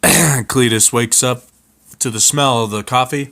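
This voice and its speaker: Casting: unhurried male storyteller, halting, clears his throat a lot. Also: mid-range voice, fairly bright tone. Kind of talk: improvised comic storytelling.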